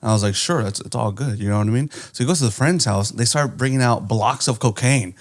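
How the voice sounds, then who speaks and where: A man's voice: medium pitch, fast talker. A man co-hosting a podcast, telling a story in a laid-back way, laughing often and swearing casually. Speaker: podcast co-host. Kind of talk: casual chat.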